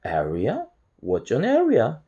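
A man's voice: mid-range voice, wildly swooping pitch, slow pace, warm tone, breathy edge, dull audio, exaggerated voice. A man voicing Harold, a bewildered family dog. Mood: puzzled. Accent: Korean. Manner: bewildered, exasperated questions. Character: puzzled, easily excited male family dog.

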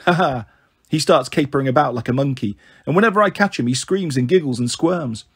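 Husky man reading a novel aloud. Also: medium pitch, a little fast. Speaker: audiobook reader. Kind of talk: first-person novel reading.

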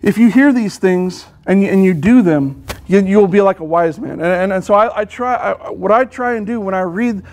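A man's voice: high-pitched, normal speed, hardly any pauses, darkish tone. A man preaching a sermon, earnest, restarting and repeating words as he quotes scripture.

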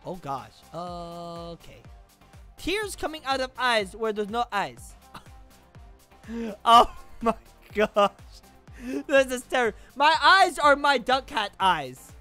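A woman with a high, very lively voice gives silly, exclamatory gameplay commentary. Her pitch jumps all over as she talks, with faint game music behind her. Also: takes it slowly, long pauses. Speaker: gaming YouTuber.

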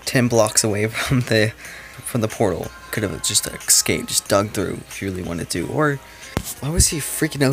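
A man's voice: on the low side, animated, moderate pace, gravelly. A man hosting a reaction video in casual commentary, rambling and mocking, with lots of "like" fillers. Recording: background music under voice. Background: background music.

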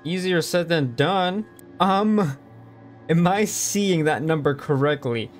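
A man's voice: fairly high pitch, lively intonation, takes it slowly. A young man commenting on a horror game for his viewers, jumpy and easily scared. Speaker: gaming video host. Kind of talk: let's play commentary. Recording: voice over loud game music.

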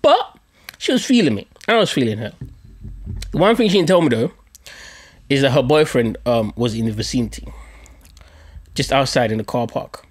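A man's voice: mid-range voice, normal speed, pauses often, breathy edge. A man hosting a podcast, telling a story in a casual, profane, self-mocking way. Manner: animated, profane, laughing at himself. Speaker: podcast host.

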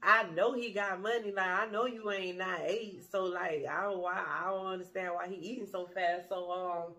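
A woman's voice: lowish voice, steady tone, moderate pace, pushed and bright. A woman vlogger telling a dating story to her viewers in a blunt, profane, laughing way.

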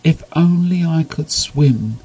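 Squeaky little penguin. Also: male voice, big pitch swings, normal speed, dark tone, breathy edge, heavily acted, poor audio. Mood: wistful. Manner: squeaky and fearful. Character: small timid young male penguin.

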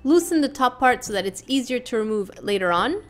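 A woman's voice: fairly high pitch, animated, brisk, soft background music. A woman hosting a craft tutorial in a casual voice-over, playful and full of jokey asides.

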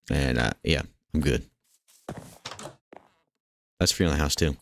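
A man giving casual, jokey commentary while playing a video game, with excitable outbursts and playful chatter aimed at the game's characters. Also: extremely low pitch, a little fast, long pauses. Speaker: gaming channel host.

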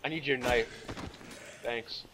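Profane, excitable young man gaming. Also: mid-range voice, slow pace, a little hiss or hum. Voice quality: profane, excitable, shouts at enemies. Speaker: let's play gamer. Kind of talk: casual gameplay commentary.

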